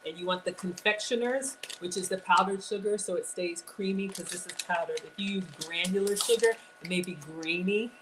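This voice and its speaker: A woman's voice: lowish voice, a little fast, few pauses. Woman host, chatty live-stream cooking demo, slight background noise. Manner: chatty, talks straight to viewers.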